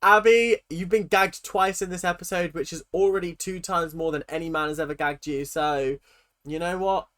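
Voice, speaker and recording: A woman's voice: on the low side, fairly even intonation, normal speed, fairly bright tone. A woman hosting a reaction video, giving sarcastic, giggly, mock-outraged commentary.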